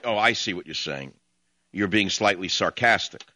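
A man's voice: low voice, normal speed, pushed and bright, no echo. A man hosting a call-in talk radio show, ranting combatively at his callers in long monologues. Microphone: studio mic.

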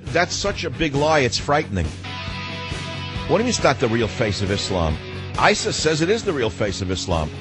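A man's voice: medium pitch, very animated, normal speed, music in the background. An older man hosting a talk radio show, ranting sarcastically with mocking rhetorical questions. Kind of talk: combative talk radio monologue.

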